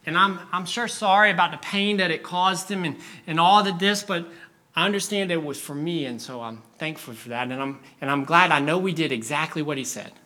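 A man acting out a thoughtful young boy who speaks softly and sincerely to his father during a sermon story. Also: on the high side, fairly quick. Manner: soft, sincere, reflective.

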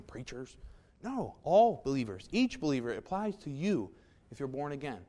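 A man preaching with a voice pitched a little above most men's. His delivery is folksy and emphatic, and he keeps turning to the congregation with quick asides. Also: darkish tone. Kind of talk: sermon.

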